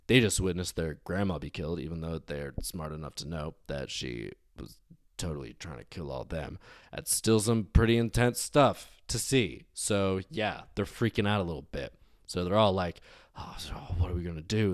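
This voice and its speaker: Man, casual storyteller, wry asides, deep voice, very lively pitch. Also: dry recording, studio quality. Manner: conversational, digressive, wry. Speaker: storyteller host.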